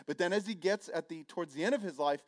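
A middle-aged man preaching a sermon, telling the story with animated energy, acting out voices and joking at his own expense. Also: high-pitched, quick pace. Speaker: pastor.

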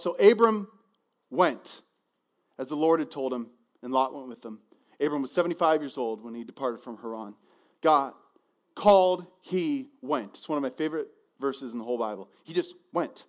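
A male pastor preaching a sermon in a conversational, animated way, often repeating words as he goes. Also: on the high side, normal speed.

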